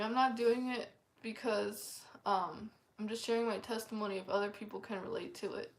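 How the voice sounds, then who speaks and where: A woman earnestly sharing a personal testimony in a casual, rambling way, full of "like" fillers. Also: medium pitch. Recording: echoey room.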